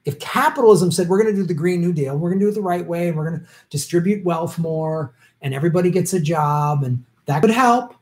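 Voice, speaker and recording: A man's voice: a little high, darkish tone. A man hosting a casual livestream, answering viewer questions in a rambling way with many filler sounds and jokey asides.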